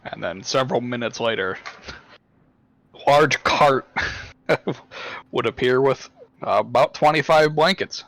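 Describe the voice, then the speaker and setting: A man running a tabletop game as game master, narrating with a wry, deadpan manner. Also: medium pitch, slow, long pauses, no room sound.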